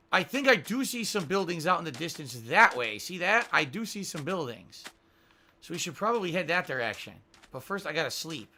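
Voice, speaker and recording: A man's voice: fairly high pitch, pushed and bright. A man streaming a game live, rambling, thinking aloud and reading out viewer tips. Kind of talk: live-stream gaming commentary.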